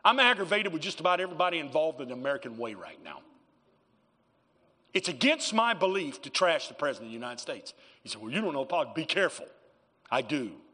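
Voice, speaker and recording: A man's voice: on the high side, pushed and bright, long reverb tail. A man preaching a sermon as pastor in a church, emphatic, calling for amens from the congregation. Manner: emphatic preaching with call-and-response.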